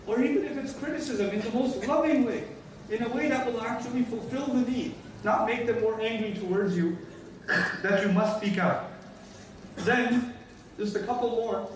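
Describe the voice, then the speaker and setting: A man with a high voice delivers a religious lecture, stressing his points by repeating them and slipping into short acted-out exchanges. He sounds far from the mic, in a very echoey room with a faint hiss behind him. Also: a little mellow. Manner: emphatic, repeats key lines, acts out everyday dialogues. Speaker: Islamic teacher.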